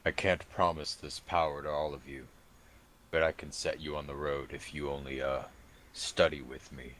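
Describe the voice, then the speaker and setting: A man playing his character in a tabletop game, calm, measured and commanding. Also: rumbling low. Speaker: player. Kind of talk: in-character tabletop role-play.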